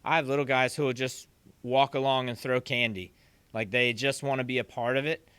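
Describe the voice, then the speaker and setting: A young man, a percussion teacher, chatting as a podcast guest and lively acting out what others said. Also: mid-range voice, brisk, clean tone, no room sound. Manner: animated storyteller who acts out quotes. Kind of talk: casual podcast chat.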